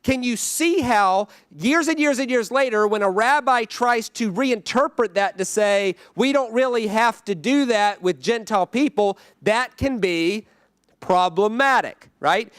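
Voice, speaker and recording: A guest preacher delivering a conversational sermon in a church, often checking in with the congregation. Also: male voice, extremely high pitch, lively intonation, a little slow, a bit bright, smooth, no room sound, studio quality. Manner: conversational, keeps asking "right?".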